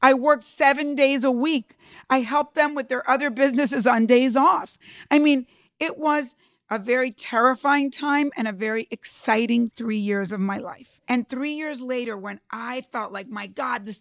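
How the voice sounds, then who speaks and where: A woman with a fairly high voice tells her own story as an entrepreneur, emphatic and emotional. She often turns to speak straight to the listener. The recording is close and dry. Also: no echo. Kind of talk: personal storytelling talk.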